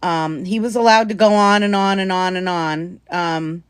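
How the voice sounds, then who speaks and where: A woman's voice: fairly low pitch, fairly even intonation, moderate pace, smooth, dry recording, studio quality. A woman hosting a live stream, talking earnestly and conversationally and thanking her viewers. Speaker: livestream host.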